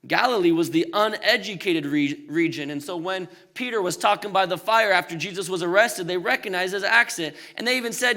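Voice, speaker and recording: A man preaching a sermon with a high, bright voice. He moves from loud, emphatic lines to hushed, low ones and slips humorous asides between points. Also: brisk, hardly any pauses. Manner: swings between loud emphatic peaks and quiet low passages. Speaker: pastor.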